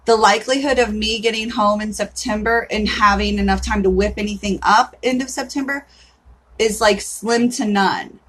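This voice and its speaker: A woman's voice: mid-range voice, steady tone, normal speed, a bit bright. A woman in her thirties hosting a casual livestream, chatty and candid, often saying "like" and swearing in passing. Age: 30s. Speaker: livestream host.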